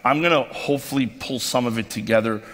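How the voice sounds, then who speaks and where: A man's voice: medium pitch, fast talker, a bit bright. A man giving an emotional, effusive motivational speech as keynote speaker at a company convention, with frequent ums and restarts. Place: convention stage in a large hall. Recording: long hall reverb from a convention stage.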